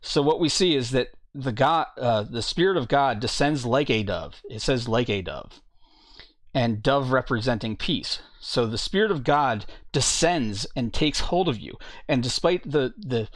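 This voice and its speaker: A man reads scripture aloud and explains it in a steady, plain teaching voice. His pitch sits in the ordinary middle range for a man. The recording is dry and close, with almost no room sound. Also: normal speed, few pauses, dry recording. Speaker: preacher. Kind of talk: bible teaching talk.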